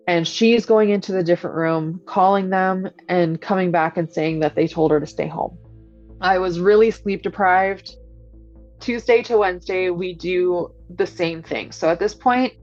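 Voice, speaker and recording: A woman working as a doula earnestly recounts a tense experience, retelling what was said back and forth. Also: fairly low pitch. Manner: earnest, animated retelling with quoted dialogue. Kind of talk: first-person storytelling. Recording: dull lo-fi audio with faint music.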